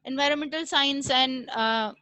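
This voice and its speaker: Woman lecturer, high voice, explains patiently with filler pauses. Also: pushed and bright, no echo, poor audio. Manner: explains step by step with frequent "uh" pauses and "right?" checks. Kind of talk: recorded classroom lecture.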